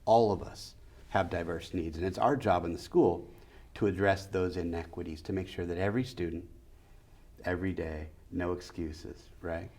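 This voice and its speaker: Middle-aged man, deep voice, emphatic guest answering interview questions, repeats his points in rhythmic lists. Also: steady tone, moderate pace, darkish tone. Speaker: school district superintendent.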